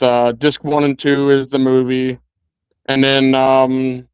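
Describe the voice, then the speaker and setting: A man's voice: mid-range voice, smooth, no echo, lo-fi sound. A man in a casual film discussion, rambling with many restarts and laughing along.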